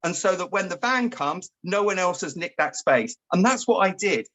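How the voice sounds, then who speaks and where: A man's voice: sits high, normal speed. A man, co-hosting a casual chat and telling a story about his own day. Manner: chatty storyteller, animated when acting out his own outbursts. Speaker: co-host.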